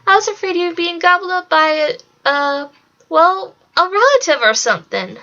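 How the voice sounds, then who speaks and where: A woman's voice: extremely high pitch, animated, normal speed, bright, forceful tone, lo-fi sound, pitched above the performer's own voice, exaggerated voice. A woman voicing a bossy, lovestruck young troll queen with a gushing, sing-song manner.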